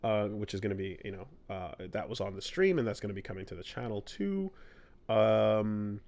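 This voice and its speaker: A man's voice: on the low side, sing-song, normal speed, a little mellow. Rambling man talking fighting games. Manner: rambling, filler-heavy, enthusiastic about fighting games. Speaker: podcast co-host. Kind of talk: casual chat.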